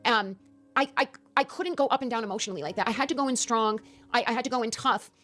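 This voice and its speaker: Brief: woman interview guest, emphatic and animated, quick delivery with stammered restarts. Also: fairly high pitch, faint music behind. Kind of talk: candid interview answers.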